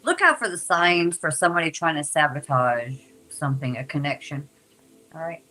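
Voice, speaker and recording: A woman's voice: low-pitched, animated, moderate pace, pushed and bright, soft background music, rough recording. A woman giving a casual, chatty tarot reading to her viewers, talking informally and repeating herself. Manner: chatty, informal, repeats words, uses "y'all". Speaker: tarot reader.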